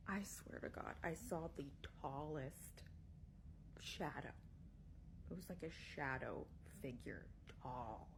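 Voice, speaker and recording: A woman casually recounting a creepy babysitting experience, often dropping to a hushed, near-whispered tone. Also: low-pitched, lively intonation, takes it slowly, gravelly, noisy background. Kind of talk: casual spooky storytime.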